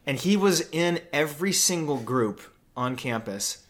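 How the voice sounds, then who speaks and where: A man's voice: fairly high pitch, animated, a little slow, fairly bright tone. A man co-hosting a podcast, telling a rambling story in casual chat and acting out the people in it. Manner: rambling storyteller, restarts, acts out quotes. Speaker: podcast co-host.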